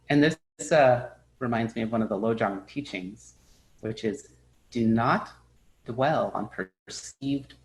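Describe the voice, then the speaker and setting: A man teaching as a Buddhist teacher in a dharma talk, speaking in a relaxed, halting way with many fillers and restarts, and telling stories in which he briefly acts out the people he quotes. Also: mid-range voice, low-quality recording.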